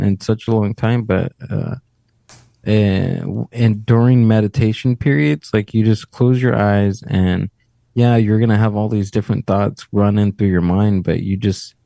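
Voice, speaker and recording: A man guesting on a podcast, calm and reflective, explaining ideas with everyday images. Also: fairly low pitch, a little slow, gravelly, no echo. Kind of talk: casual podcast chat.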